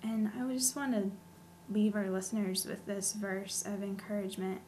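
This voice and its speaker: Soft sincere woman sharing her testimony, pretty monotone, little hiss. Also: medium pitch, moderate pace. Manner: soft-spoken, sincere, earnest. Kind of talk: personal testimony.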